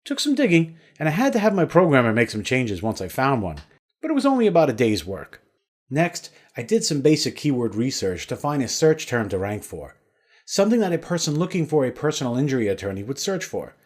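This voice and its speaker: A man's voice: mid-range voice, very animated, a little fast, darkish tone. A man narrating a scripted sales webinar in an upbeat promotional manner.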